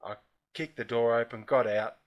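A man's voice: medium pitch, normal speed, muffled recording. Australian man telling a yarn. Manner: animated storyteller, laughs through his anecdotes. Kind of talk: casual storytelling chat.

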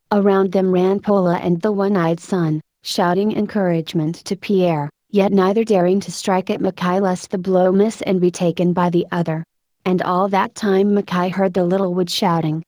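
A woman narrating a story in a steady, measured reading voice. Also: on the low side, no room sound. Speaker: audiobook narrator.

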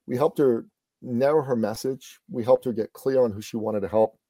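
A middle-aged man, a business coach, telling a motivational story in a lively conversational way. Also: medium pitch, normal speed, no room sound.

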